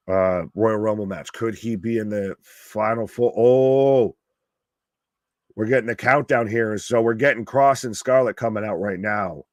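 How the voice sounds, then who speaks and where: An alternative commentary host, a man with a slightly low voice, calls a wrestling show live in a casual, loose way, chatting as if to an audience watching along. He's excitable, swears readily, and pops loudly when something surprises him. The recording is dry and close-miked.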